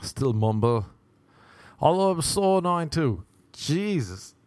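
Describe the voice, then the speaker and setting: An Irish man telling a rambling comic story with deadpan asides, swearing and acted-out quoted voices. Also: a little high, a little slow, no echo. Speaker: touring comedian.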